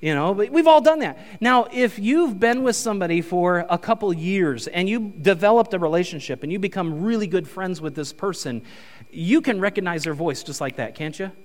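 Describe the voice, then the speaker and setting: A male pastor giving a conversational, animated sermon in a church. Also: sits high. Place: church sanctuary. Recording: reverberant church hall.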